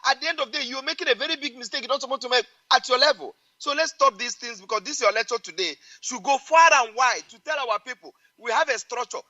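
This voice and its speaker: A man's voice: very high-pitched, quick pace, hardly any pauses, bright, forceful tone, lo-fi sound. A man with a Nigerian accent calling into a radio show, speaking in a preachy, emphatic way and repeating phrases. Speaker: caller.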